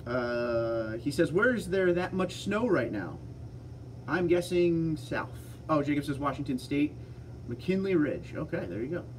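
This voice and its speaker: A man hosting a casual livestream, answering viewer comments in a relaxed, chatty way. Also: fairly high pitch, measured pace, distant mic, slight background noise. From Pennsylvania. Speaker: livestream host reading chat. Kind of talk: casual live chat.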